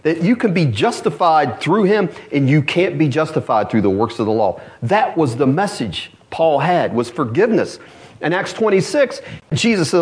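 A man's voice: big pitch swings, moderate pace, husky. Man preaching a storytelling sermon. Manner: storytelling preaching, pitch swings from high emphatic to low hushed.

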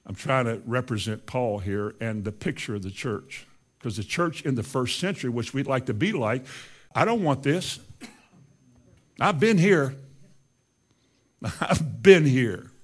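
An older man preaching a sermon in a folksy, emphatic way, moving from quiet asides to loud insistence. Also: medium pitch, animated, unhurried, pauses often.

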